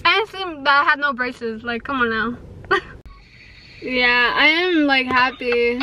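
Brief: high-pitched young woman, chatty and nervous vlogger, slight lisp, faint hum behind her. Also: a little slow. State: pregnant. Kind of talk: casual vlog chat.

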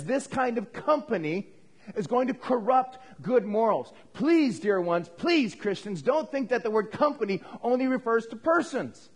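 A middle-aged man, a pastor, preaching an animated sermon in church and asking the congregation questions. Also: high-pitched.

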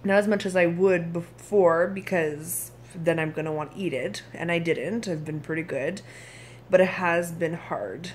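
A woman's voice: lowish voice, measured pace, darkish tone, slight background noise. A woman in her thirties from Canada, talking frankly in a casual video diary, tired and irritable, now and then swearing. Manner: candid, frank, occasionally swears. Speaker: vlogger.

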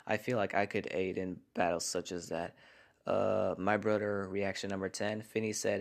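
A man hosting a casual comment-reaction vlog from his home garage, talking in a hushed voice to keep quiet. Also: sits low, level tone, unhurried, gravelly. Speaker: channel host reading viewer comments.

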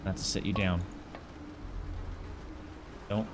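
A man's voice: deep voice, little pitch movement, slow, over music. Jokey, jumpy man playing a horror game. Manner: jokey, talks to objects in the game, easily spooked. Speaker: let's play gamer. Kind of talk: casual horror game commentary.

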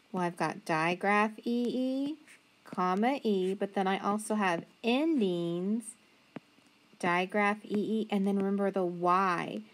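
A woman teacher leads young children through a phonics lesson, breaking words into single sounds and stretching them out slowly. She praises each answer in a patient, encouraging way. Her pitch sits right in the middle for a woman.

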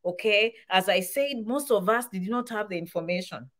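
A woman's voice: medium pitch, lively intonation, normal speed, a bit bright. A woman giving casual advice to camera, full of rhetorical questions and repeated points. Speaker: immigration advice vlogger.

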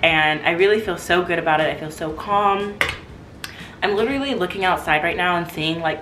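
In an echoey apartment living room, a young woman does a casual vlog chat, effusive and peppered with "like." She speaks at a moderate pace in a fairly low, fairly bright voice, with a bit of hiss or hum on the audio.

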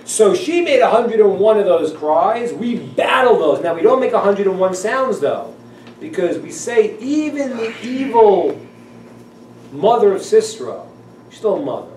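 A male rabbi teaching a class in an animated manner, acting out voices and laughing often. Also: high-pitched, measured pace. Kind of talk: class lecture. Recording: echoey room, voice from a distance, faint noise.

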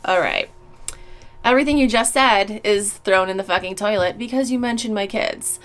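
A woman vlogger fires back at her critics, blunt and sarcastic, swearing freely. Her pitch sits in a middle range. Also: expressive, normal speed, fairly bright tone. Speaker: YouTuber. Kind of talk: casual vlog reading comments.

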